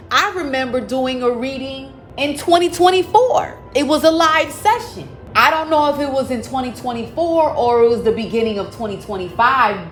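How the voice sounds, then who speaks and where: A woman giving a spiritual card reading to viewers, dramatic, with loud exclamations and emphatic repetition. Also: high voice, slight background noise. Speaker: psychic card reader. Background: faint background music.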